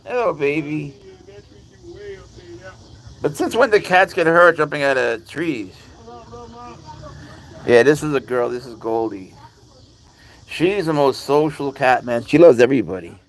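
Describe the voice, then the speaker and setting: A man's voice: mid-range voice, vocal fry, low-quality recording. A man casually livestreaming outdoors at night with his cats, chatting easily and reading viewer comments aloud. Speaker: cat owner livestreaming. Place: outdoors at night among bugs. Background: crickets chirping.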